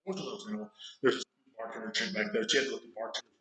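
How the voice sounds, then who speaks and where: A man's voice: fairly low pitch, fairly even intonation, fast talker, a bit bright. A man hosting a podcast, telling a rambling, profane story and acting out the people in it. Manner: profane, rambling anecdote with acted quotes. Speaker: podcast host. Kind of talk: casual storytelling. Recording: very echoey room.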